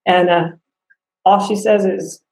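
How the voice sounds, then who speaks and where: A woman telling a complaint story in a casual spoken review, animated, laughing between lines and acting out what people said, sounding upset and near tears. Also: lowish voice, takes it slowly, rough recording.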